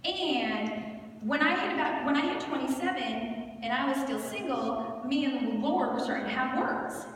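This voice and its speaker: A woman in her thirties giving a candid, animated storytelling sermon at a conference, often laughing as she talks. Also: high-pitched, normal speed. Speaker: conference speaker. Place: large conference hall. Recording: echoey hall from far off, noisy.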